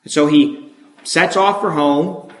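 A man's voice: fairly high pitch, slow pace, a bit bright. A man preaching an expository sermon, earnest and explanatory, driving his points home with repetition. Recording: echoey room.

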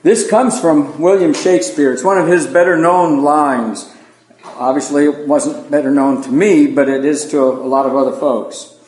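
A man's voice: a little high, normal speed, a little mellow, reverberant, poor audio. A man preaching an evening Bible lesson in a conversational sermon style, folksy and self-deprecating, with plain asides to his congregation.

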